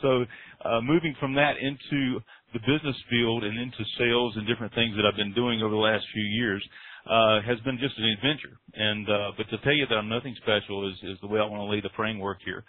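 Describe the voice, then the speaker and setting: A man's voice: on the low side, fairly even intonation, a little fast. A man from North Carolina with a Southern accent, telling his story as a client guest on a conference call in an earnest, self-deprecating way. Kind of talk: testimonial talk on a conference call. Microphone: phone call. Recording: dry phone-line audio.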